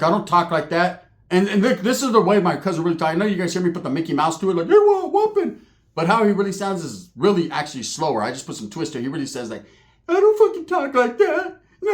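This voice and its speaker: A young man telling a comic story about his family, profane, animated and full of slang. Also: fairly high pitch. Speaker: comedian storyteller.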